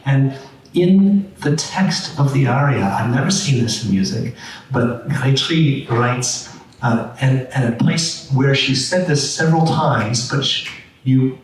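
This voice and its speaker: A man's voice: medium pitch, unhurried. A man hosting a panel discussion, rambling and restarting his sentences often. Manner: rambling, many restarts and fillers. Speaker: artistic director hosting a panel. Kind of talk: roundtable discussion. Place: large room at a public panel. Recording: echoey room, mic far off, faint noise.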